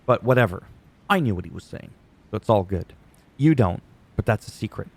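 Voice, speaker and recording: A man's voice: on the low side, animated, a little fast, vocal fry, a little mellow, slightly rough. A man recapping a wrestling show in casual commentary, rambling off on tangents and swearing casually.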